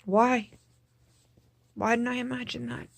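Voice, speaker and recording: Subdued, halting woman with a higher voice. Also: level tone, creaky, no echo. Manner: halting, repeats herself, subdued. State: tearful. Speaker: vlogger. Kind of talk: personal video diary.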